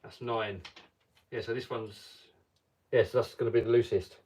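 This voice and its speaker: A man's voice: mid-range voice, fairly even intonation, moderate pace, a little mellow, far from the mic, lo-fi sound. A man hosting a casual live stream, chatting and reading viewer comments aloud.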